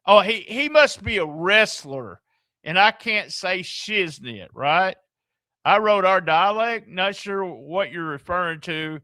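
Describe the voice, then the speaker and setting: A man's voice: high-pitched, expressive, slow pace, pushed and bright, no room sound. A middle-aged man with a Southern US accent hosting a podcast, ranting in exasperated, incredulous disbelief and swearing freely. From American South. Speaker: podcast host. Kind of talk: casual ranting commentary.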